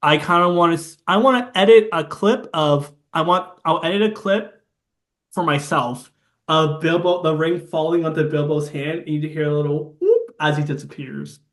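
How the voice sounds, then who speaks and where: A man's voice: fairly high pitch, moderate pace, fairly bright tone. A man co-hosting a podcast, recapping a film in casual, rambling chat and imitating its sound effects. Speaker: podcast co-host.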